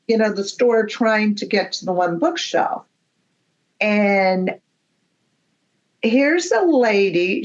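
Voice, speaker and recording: A woman's voice: on the high side, dull audio. A woman, a guest medium, telling rambling, chatty stories in a podcast conversation with frequent laughs.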